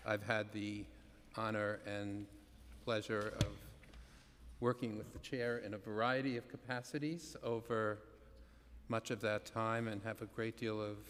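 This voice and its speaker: An older man speaks slowly in a low, flat voice, pausing often and adding a dry joke. His words echo through a large chamber with faint background noise and clicks. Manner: measured, dry humor, pauses. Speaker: commission member. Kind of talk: formal remarks at a public meeting.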